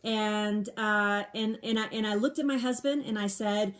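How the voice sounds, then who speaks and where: A middle-aged woman fields viewer questions in a laid-back live stream picked up by a phone or webcam, her pitch sitting in an ordinary middle range. She talks at normal speed with hardly any pauses, candidly chatting, repeating words to stress them, and often breaking off to restart.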